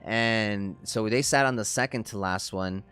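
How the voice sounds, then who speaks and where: A man's voice: on the low side, a little slow, a bit bright, clean tone, soft background music. Laid-back man chatting on a livestream. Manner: laid-back, profane, laughing storyteller. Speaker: trading livestream host. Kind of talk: casual livestream chat.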